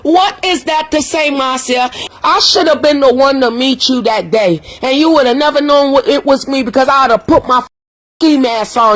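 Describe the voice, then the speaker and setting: A woman's voice: high-pitched, normal speed, a bit bright. Woman, livestream rant, heated, cursing, scolding. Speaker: social media commentator.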